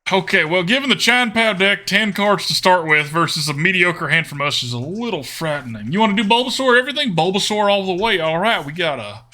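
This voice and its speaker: A man's voice: high-pitched, animated, brisk, hardly any pauses, sharp tone. A man streaming a card game, chatting casually with his viewers in a jokingly put-on twangy drawl. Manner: chatty, talks to chat viewers.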